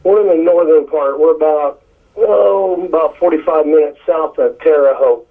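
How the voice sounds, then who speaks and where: A man's voice: a little high, moderate pace. A man from Indiana calling in to a radio show, polite and plain-spoken. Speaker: caller. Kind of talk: phone call to a radio show. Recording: tinny phone line.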